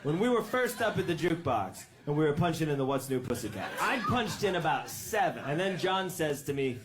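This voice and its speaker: A man doing stand-up, telling a long story with lively delivery and sung snippets. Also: high-pitched, moderate pace, few pauses, over music. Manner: animated, sings song snippets. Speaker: stand-up comedian.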